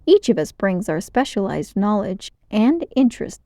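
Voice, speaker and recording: A woman's voice: medium pitch, very animated, normal speed, warm tone, no room sound, studio quality. A woman reading aloud, voicing a poised female alien ambassador who explains things graciously.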